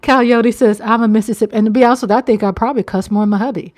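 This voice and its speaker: A middle-aged woman hosting a casual livestream from home, chatting with viewers, reading their comments aloud, laughing often and sometimes dropping into a hushed whisper. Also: on the high side, rapid-fire. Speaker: livestream host. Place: home, at night.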